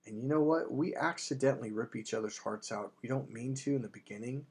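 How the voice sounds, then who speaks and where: A man with a husky, slightly breathy voice at an ordinary middle pitch delivers a persuasive self-help pitch. He talks as a dating coach, emphatic and blunt, swearing casually as he pushes his point. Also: brisk, darkish tone. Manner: acts out quoted voices in anecdotes. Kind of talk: persuasive sales monologue.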